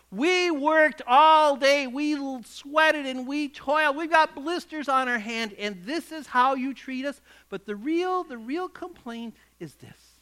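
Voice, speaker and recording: A man preaching a sermon, retelling a parable with lively storytelling and acting out the grumbling workers. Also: high voice. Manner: animated storytelling, acts out quoted grumbling. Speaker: pastor.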